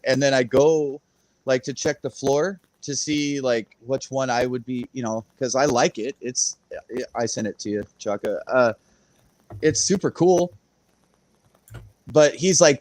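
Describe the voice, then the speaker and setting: Guy rambling thru a funny story, laughing a lot, mid-pitched, dry close mic. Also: unhurried, a little mellow, dry recording. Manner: rambling, laughs often, acts out quoted voices. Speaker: guest on a crypto livestream. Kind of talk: casual storytelling chat.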